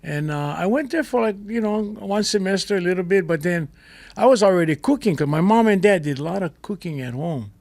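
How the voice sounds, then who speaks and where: Older man, gravelly, lively storyteller, dry close mic. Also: sits high, brisk, no echo. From Hawaii. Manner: lively storyteller with pidgin turns. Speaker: guest chef. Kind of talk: casual storytelling.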